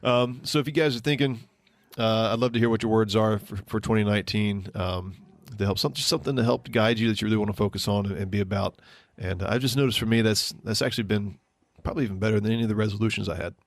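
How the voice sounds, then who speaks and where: A man with a fairly low voice chats quickly on a podcast, circling his points with ums and restarts. The sound is dry and close, with no room in it. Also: steady tone, dry recording. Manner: rambling, with many ums and restarts. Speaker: podcast co-host. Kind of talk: casual podcast chat.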